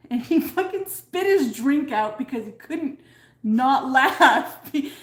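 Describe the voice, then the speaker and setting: A woman with a slightly high voice chats on a home live stream, giggling a lot and swearing casually as she tells stories. The room gives her voice a noticeable echo. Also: animated, slow pace. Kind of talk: casual chat.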